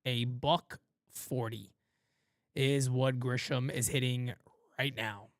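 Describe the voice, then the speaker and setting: A man's voice: mid-range voice, fairly even intonation, slow pace, no echo, studio quality. A man hosting a live play-by-play stream, calling the game with sarcastic, exasperated fan commentary. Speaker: host.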